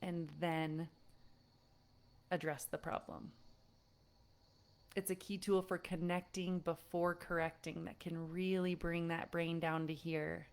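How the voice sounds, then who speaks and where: Acting out fed-up parents with plenty of laughter, an energetic woman coach leads a web lesson on parenting. Her lowish voice moves slowly with frequent pauses, and its tone is clear and resonant.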